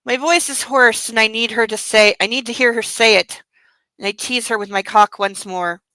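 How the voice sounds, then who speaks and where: A woman's voice: fairly high pitch, fairly even intonation, normal speed, sharp tone, no echo, low-quality recording. A woman reading a novel aloud and breaking off into indignant, sarcastic commentary with blunt swearing. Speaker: book club reader and commentator.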